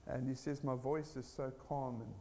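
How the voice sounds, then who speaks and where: A man preaching a sermon, telling a personal testimony in an earnest, animated way. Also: medium pitch, moderate pace, long reverb tail.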